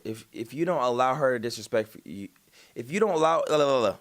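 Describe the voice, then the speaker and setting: Fast-talking, profane male streamer. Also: medium pitch, lively intonation. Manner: rapid, profane, emphatic, trails off with "da, da, da". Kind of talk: casual livestream storytelling and reacting.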